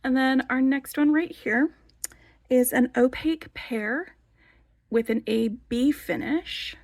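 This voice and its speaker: A woman's voice: high voice, slow, darkish tone, dry recording. A woman hosting a casual show-and-tell vlog, chatty and enthusiastic, with lots of "like" fillers. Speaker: beading channel host.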